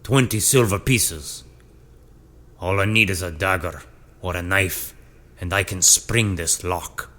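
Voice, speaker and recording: A man voicing a brutish, defiant male prisoner with a deep, gruff voice. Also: slow, long pauses, a bit bright. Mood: urgent.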